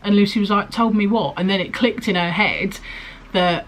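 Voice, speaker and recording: A woman's voice: medium pitch, steady tone, normal speed, a bit bright. A young woman, pregnant, chatting casually in a rambling way, with frequent ums and likes, as she answers questions for her vlog. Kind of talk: casual chat.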